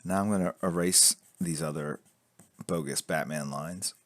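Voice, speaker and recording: A man with a deep, low voice talks through a drawing step by step on a live stream, relaxed and joking, answering chat as he sketches. The sound is dry and close, with no room around it. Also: a little slow, dry recording. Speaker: artist streaming a drawing lesson. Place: indoors at a drawing board. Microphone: camera fixed to drawing board.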